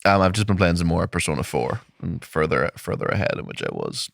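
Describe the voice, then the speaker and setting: Sweary low-voiced podcast guy. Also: animated, a little fast, gravelly, dry recording, clean studio sound. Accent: Liverpool. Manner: sweary, laid-back. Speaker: podcast co-host. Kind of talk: casual banter.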